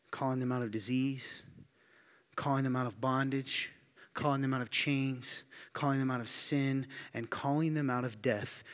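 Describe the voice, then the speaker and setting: A man preaching a sermon to his congregation, talking in an earnest, conversational way that rises to emphatic. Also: mid-range voice. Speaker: pastor. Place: church sanctuary. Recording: music playing underneath.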